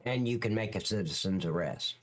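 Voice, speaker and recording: A man's voice: fairly low pitch, brisk. A man hosting a livestream, giving blunt, profane, opinionated reaction commentary on police footage.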